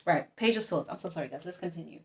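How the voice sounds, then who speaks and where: A woman's voice: lowish voice, lively intonation, fast talker, a little mellow, roomy sound. A woman giving a casual tarot reading, chatty and blunt, swearing freely as she talks to her viewers. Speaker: tarot reader.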